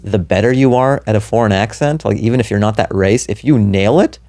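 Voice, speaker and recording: Man, podcast co-host, fast talker, joking asides, casual chat. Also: lowish voice, warm tone. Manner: joking asides, quick talk.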